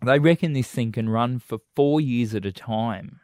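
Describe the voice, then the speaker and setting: A man's voice: medium pitch, normal speed, a little mellow, no room sound. Kiwi guy chatting tech news, lots of ums and restarts, dry close sound. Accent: New Zealand. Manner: hesitant, many ums and restarts. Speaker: co-host. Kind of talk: casual tech news chat.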